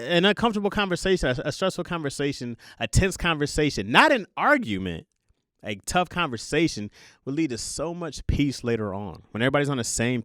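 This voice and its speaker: A man's voice: fairly high pitch, fairly bright tone, dry recording, clean studio sound. A young adult man hosting a casual monologue podcast, telling stories with playful voiced asides and laughs. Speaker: podcast host.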